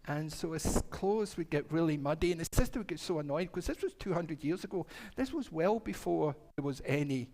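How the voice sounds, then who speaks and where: A man's voice: fairly high pitch, animated, a little fast, few pauses, mellow. A male minister telling a story to the children at a church service, acting out the voices and asking them questions. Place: congregation hall.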